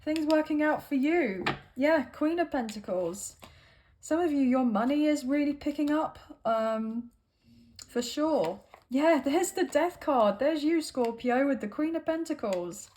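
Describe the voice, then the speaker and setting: Casual tarot reader, woman, talking loosely to camera with fillers and "right?" checks. Slightly high voice. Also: expressive, unhurried, a little mellow. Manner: chatty, rambling, with frequent fillers and "right?".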